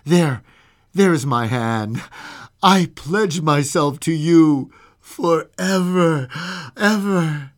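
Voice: mid-range voice, very slow. A radio reader voicing a desperate young male student who pleads and then cries out in terror. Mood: tender pleading.

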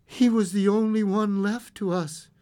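A man's voice: high voice, steady tone, a little slow, dark tone, voice pushed up. A man voicing an older husband who speaks insistently and strains upward when shaken. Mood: stunned. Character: older husband, stubborn then dazed.

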